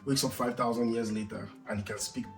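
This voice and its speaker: Fast-talking man in casual film chat. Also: mid-range voice, steady tone, soft background music. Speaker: podcast co-host.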